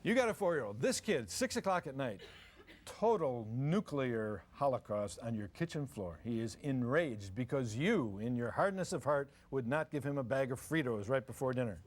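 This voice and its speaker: A man's voice: mid-range voice, expressive, moderate pace. An older man giving a folksy, joking parenting seminar to a live audience, acting out parents and kids. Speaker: parenting lecturer. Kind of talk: humorous live seminar talk.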